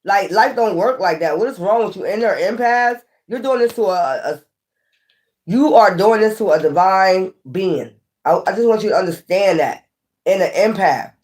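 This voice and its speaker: A woman giving a casual, animated tarot reading, often scolding and repeating herself. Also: mid-range voice, normal speed. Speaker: tarot reader.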